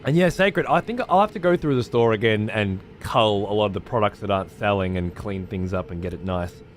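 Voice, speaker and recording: On a live stream, a male streamer reads out viewer messages in a casual, laid-back chat, swearing freely and using slang like "mate" and "cunt." His voice is fairly low-pitched and brisk, with a little hiss or hum in the audio.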